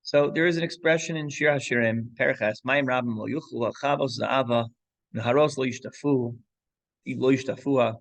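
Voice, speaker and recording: A man's voice: medium pitch, steady tone, moderate pace, creaky, dry recording. A man teaching an informal Torah class, telling a story with many restarts and asides, and mixing Hebrew and Yiddish terms into English.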